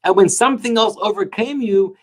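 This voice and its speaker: A man teaching a Talmud class, telling the story with animated emphasis and slowing down to stretch key words. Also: high voice. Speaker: Torah teacher.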